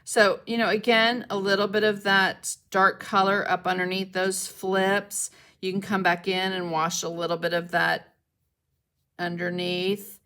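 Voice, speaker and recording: A woman's voice: mid-range voice, little pitch movement, a little slow, a bit bright, smooth. Chatty woman teaching painting live. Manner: chatty, talks to viewers while painting, checks in with "okay?"; greets and thanks commenters mid-demo. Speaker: mixed media art instructor. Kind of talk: live-stream painting demonstration.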